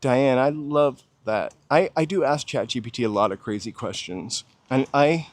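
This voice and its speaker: A man's voice: mid-range voice, moderate pace, no room sound. A man with a General American accent, hosting a walking livestream outdoors on a city street and chatting casually while answering his viewers' comments. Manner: chatty, musing aloud, answering viewers' chat. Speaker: walking tour livestream host.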